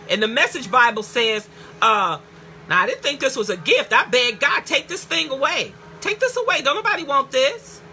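A woman pastor preaching a fervent sermon, calling out hallelujah and rising to shouts. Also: on the high side.

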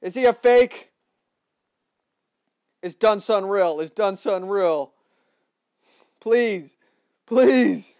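A young man giving excitable live commentary on a shooter game, often yelling at opponents. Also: sits high, slow pace, pauses often, no echo, studio quality. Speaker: livestreaming gamer.

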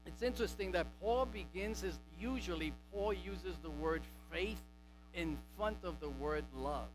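A man's voice: high-pitched, unhurried, music in the background, rough recording. A male pastor preaching a sermon emphatically, repeating and stressing key words. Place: church sanctuary.

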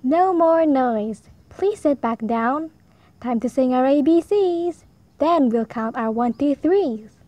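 A firm but kindly rabbit schoolteacher from a picture book, read aloud by a woman. She speaks in a high, measured, teacherly voice. She lays down the rules slowly and clearly. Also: lively intonation, mellow, no echo, highs cut off.

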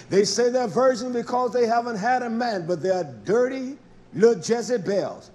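A male preacher giving a sermon, swinging between quiet asides and shouting, with repeated rhetorical questions to the congregation. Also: very high voice, moderate pace.

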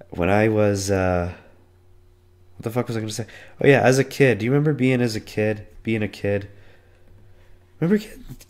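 A man in his twenties hosting a solo podcast, hoarse from being sick, telling a rambling, profane story. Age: 20s. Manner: voice cracks and breaks on high notes. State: hoarse, losing his voice from illness. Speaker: podcast host. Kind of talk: casual solo podcast monologue.

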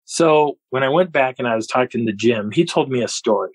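Husky-voiced man telling a story. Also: medium pitch, brisk, dry recording, rough recording. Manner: animated, laughs often. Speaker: podcast guest. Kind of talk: storytelling an encounter.

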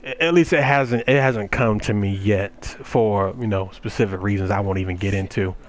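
A man's voice: lowish voice, moderate pace. A young man giving casual, joking let's-play commentary, talking back to game characters in a folksy drawl. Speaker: gameplay commentator.

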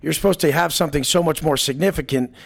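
A man's voice: fairly high pitch, quick pace, creaky. A man as an interview guest, telling stories bluntly with heavy swearing and acting out quoted lines. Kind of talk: casual storytelling interview.

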